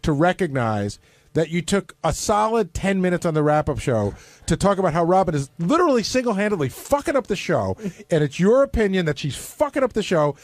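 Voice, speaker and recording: A man's voice: high-pitched, big pitch swings, dry recording. A man in casual studio banter, needling and arguing his point. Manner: needling, argumentative, fast.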